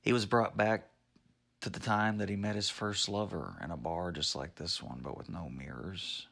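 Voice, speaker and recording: A man's voice: low voice, fairly even intonation, moderate pace, gravelly, a bit bright. A man telling a made-up joke story in a rambling, offhand way. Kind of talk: improvised story narration. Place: at home.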